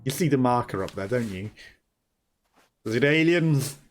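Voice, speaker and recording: A man's voice: mid-range voice, animated, normal speed. A man hosting a let's play, giving chatty, amused gameplay commentary and laughing often. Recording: voice over game music.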